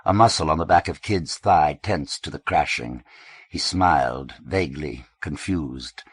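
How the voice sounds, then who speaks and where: A man narrating a literary novel in a measured, understated way. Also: extremely low pitch, husky, no room sound. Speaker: audiobook narrator.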